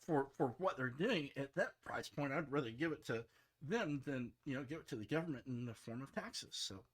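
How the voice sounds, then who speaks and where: A middle-aged man, a software developer, talking casually and rambling, frustrated, with many restarts and fillers. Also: medium pitch, expressive, brisk. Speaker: software developer streaming his work.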